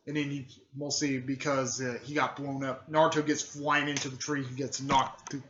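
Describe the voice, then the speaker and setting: A man's voice: medium pitch, level tone, normal speed, few pauses. A young man casually narrating a fan story, rambling with many fillers and self-corrections. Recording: muffled lo-fi recording.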